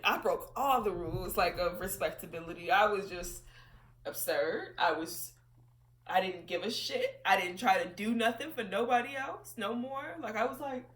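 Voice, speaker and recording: A woman's voice: medium pitch, lively intonation, normal speed, fairly bright tone. A woman vlogging from home, talking candidly and profanely with frequent laughter while she reflects. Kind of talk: casual personal monologue. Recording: roomy echo, distant from mic.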